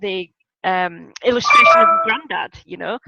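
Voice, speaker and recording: A woman hosting an interview, encouraging her guest and quick to laugh and agree. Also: medium pitch, gravelly, muffled recording, loud music behind the voice. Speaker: interview host. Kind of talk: casual interview.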